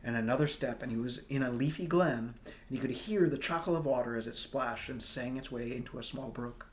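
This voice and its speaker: A man reads a fantasy novel aloud in a mid-pitched, even voice. He moves at an unhurried pace, clearing his throat now and then and fixing small slips as he goes. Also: slight background noise. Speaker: storybook reader.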